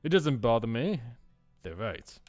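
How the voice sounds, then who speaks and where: A man voicing a calm, proud young woman knight in a game, speaking steadily and reassuringly. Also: mid-range voice, a little slow, faint music behind.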